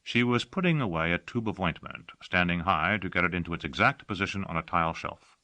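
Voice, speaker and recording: A man narrating an audiobook with expressive storytelling. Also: deep voice, a little fast, no echo. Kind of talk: scripted narration.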